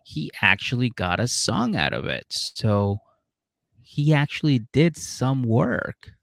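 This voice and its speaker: A man co-hosting a podcast in casual chat, retelling scenes with lively acted-out voices and frequent laughter. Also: mid-range voice, slow pace, creaky, no echo, clean studio sound. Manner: animated storytelling, acting out voices, laughing often. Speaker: podcast co-host.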